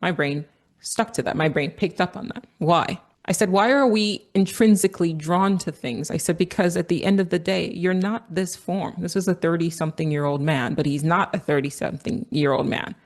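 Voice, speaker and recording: An earnest woman from Nigeria with a somewhat low voice, telling a story in a reflective monologue. She circles back to the same phrases for emphasis and drops the odd casual swear word. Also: normal speed. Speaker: vlogger. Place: outdoors on a walk.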